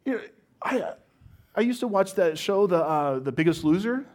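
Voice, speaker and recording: A man's voice: high voice, animated, normal speed, a little mellow. A man, a pastor, giving a conversational sermon to a congregation, with wry self-deprecating humor and frequent restarts.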